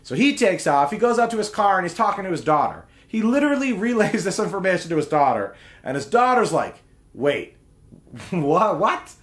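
A man hosting a casual film breakdown, retelling scenes with animated voices and frequent laughs. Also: sits high, fast, few pauses. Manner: animated retelling, acts out characters, laughs often. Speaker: film review host.

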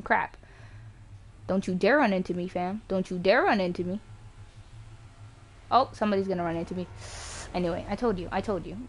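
A woman streaming a racing game live, reacting excitedly, yelping and groaning as she races, on a home mic with some static. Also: mid-range voice. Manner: excitable, yelps and groans at the race. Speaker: gaming streamer. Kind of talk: live gameplay commentary.

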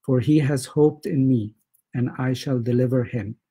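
Dark, husky man reading church prayers. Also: medium pitch, moderate pace, poor audio. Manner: steady, even recitation with repeated chanted responses.

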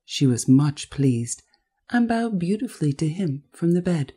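A woman narrating a classic children's story in a gentle, expressive way. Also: low voice, a little slow, slightly rough. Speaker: audiobook narrator. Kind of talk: scripted narration.

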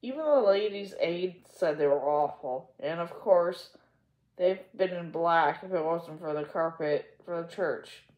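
A woman's voice: on the low side, unhurried, a little mellow, close to an everyday voice. A woman voicing a cheerful, eager young girl who gushes as she talks. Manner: bubbly, gushing. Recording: echoey room.

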